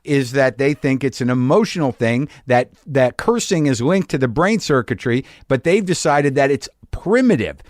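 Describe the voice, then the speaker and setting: A man's voice: mid-range voice, animated, moderate pace, few pauses, no room sound, studio quality. A middle-aged man hosting a podcast, opening with a rambling, profane monologue full of restarts. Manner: profane, rambling, self-interrupting. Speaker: podcast host.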